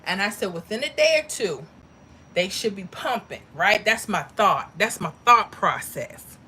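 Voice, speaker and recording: A woman's voice: medium pitch, expressive, a little slow, pushed and bright, husky. A woman hosting a lottery livestream, chatting casually with viewers and calling them mama and honey. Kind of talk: casual livestream chat reading comments.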